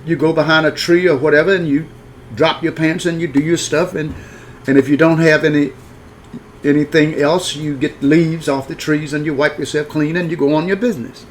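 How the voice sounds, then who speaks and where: A man's voice: on the high side, fairly even intonation, normal speed, a little hiss or hum. A man telling a personal story in a frank, rambling folksy way, full of restarts. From rural upbringing.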